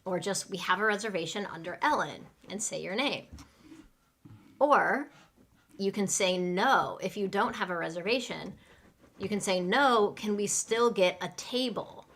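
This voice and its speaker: A woman teaching English in a live online class, speaking slowly and clearly and acting out restaurant phrases for learners to repeat. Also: mid-range voice, a bit bright. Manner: slow, clear teaching delivery with role-play lines.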